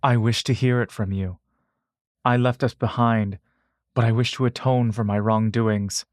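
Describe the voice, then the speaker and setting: A man voicing a tender adult man in a fantasy story, speaking softly and reassuringly. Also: mid-range voice, fairly even intonation, moderate pace, no room sound, clean studio sound, lightly acted.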